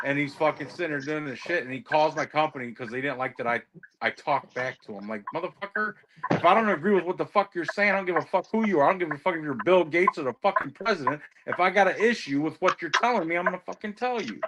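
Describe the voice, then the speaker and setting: A male truck driver chatting casually from his cab, swearing through a rambling story. Clear clicking sounds run behind his voice. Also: on the high side, lively intonation, fast talker, background noise. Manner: heavy swearing, ranting storyteller. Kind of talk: casual chat.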